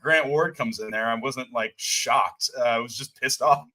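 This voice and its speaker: A man co-hosting a podcast, chatting casually about a TV episode, animated and swearing freely. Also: mid-range voice, moderate pace. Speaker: podcast co-host. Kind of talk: casual chat recapping a TV episode.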